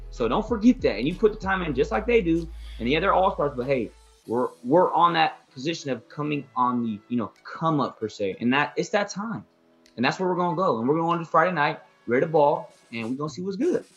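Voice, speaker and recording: Fast-talking husky man on sports. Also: on the high side. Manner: rapid, emphatic, repeats "most importantly". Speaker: podcast co-host, basketball analyst. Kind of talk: casual sports talk.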